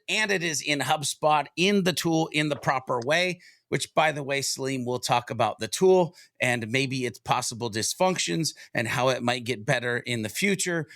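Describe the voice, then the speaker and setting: A man's voice: fairly high pitch, creaky, bright, forceful tone, no room sound, clean studio sound. A man co-hosting a podcast, talking energetically and rambling through rhetorical questions. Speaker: podcast co-host. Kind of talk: enthusiastic podcast talk.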